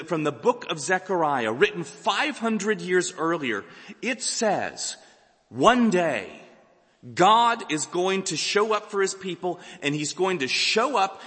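Emphatic male preacher, high and expressive, voice ringing in a big hall. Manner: animated, emphatic delivery with dramatic quotes. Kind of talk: sermon.

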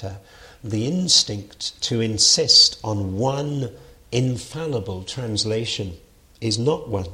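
A man's voice: lowish voice, pushed and bright. A man giving an unscripted lecture on Bible translation, thoughtful, with frequent fillers and restarts.

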